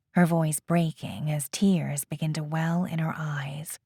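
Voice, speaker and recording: A woman narrating an audiobook in a measured, expressive storytelling manner. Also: low voice, slightly rough, dry recording, studio quality.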